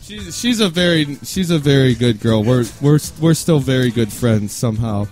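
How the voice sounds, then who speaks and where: A man's voice: medium pitch, lively intonation, normal speed, a little mellow, faint music behind. A man co-hosting a radio show, trading jokes and teasing in loose banter. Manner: wisecracking, self-mocking.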